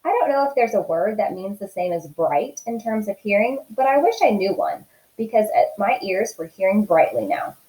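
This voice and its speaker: A woman teacher reading a novel aloud in an expressive, steady storytelling voice. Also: mid-range voice, moderate pace, roomy sound, rough recording.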